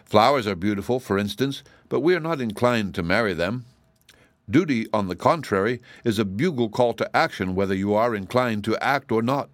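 A dutiful tin emperor speaks formally and seriously in a low male register, as a male reader voices him. The reading is close and dry. It stays near the reader's own voice. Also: animated, normal speed, no echo, close to an everyday voice. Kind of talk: audiobook character reading.

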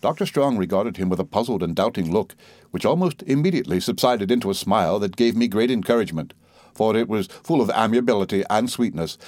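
A man narrating a novel in a measured, steady reading. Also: fairly low pitch, dry recording. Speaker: audiobook narrator. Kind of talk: scripted narration.

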